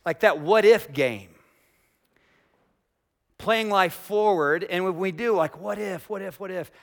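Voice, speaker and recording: A man preaching a sermon as pastor, swinging between loud emphatic declarations and quiet asides, asking his listeners direct questions. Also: high voice, a little slow, gravelly. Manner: asks the congregation direct questions.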